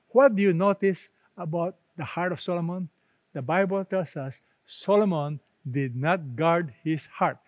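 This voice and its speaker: A man delivers a sermon in a fairly high voice, pressing hard on key words and then letting his phrases fall away soft and low. The sound is dry and close, with no room around it. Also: no echo. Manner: emphatic preaching, drops to soft low tones to close phrases. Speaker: pastor.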